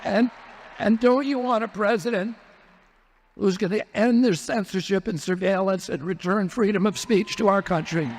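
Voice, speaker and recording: A man's voice: high-pitched, moderate pace, darkish tone, a little hiss or hum. Man asking rally crowd rhetorical questions. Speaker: speaker at a political rally. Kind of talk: rally speech.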